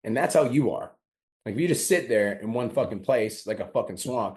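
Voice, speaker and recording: The podcast host, on the mend from a sore throat, sounds animated and quick in a medium-pitched voice. He gives a motivational monologue that's blunt and profane, acting out his own internal gripes.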